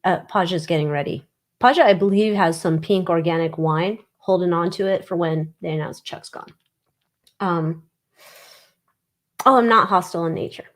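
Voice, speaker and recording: A woman's voice: on the low side, moderate pace, pauses often. A woman hosting a casual livestream, chatting bluntly and reading viewer comments. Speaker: livestream host.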